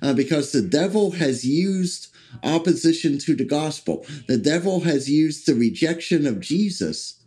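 A man preaching a sermon, speaking haltingly with many fillers and restarts and slowing down to read scripture aloud. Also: a little high, expressive, mellow.

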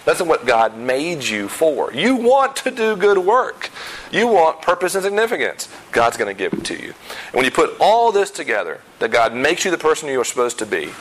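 A pastor preaching a sermon in a conversational way, with self-deprecating humor and emphatic repetition of key points. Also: male voice, on the high side, sing-song, moderate pace, fairly bright tone, rough recording. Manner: emphatic, repeats key phrases.

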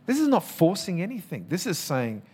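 A man's voice: sits high, huge pitch swings, moderate pace, darkish tone. A man who is a pastor, preaching a sermon with emphatic, passionate calls and chatty storytelling full of restarts. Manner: conversational storytelling with repeated restarts.

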